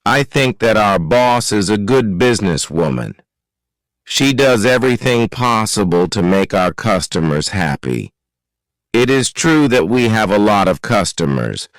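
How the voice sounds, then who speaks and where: A man narrates a graded reader story at a very slow, deliberate pace, every word clearly shaped. His voice is smooth and resonant, and the recording is dry and close, with no room around it. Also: lowish voice, sing-song, dry recording, low-quality recording. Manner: slow, careful, clearly articulated reading. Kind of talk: slow scripted narration for learners.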